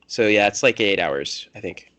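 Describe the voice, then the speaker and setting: A man's voice: lowish voice, lively intonation, normal speed, a bit bright, dry recording. A man running a tabletop game as game master, talking casually and correcting himself as he goes.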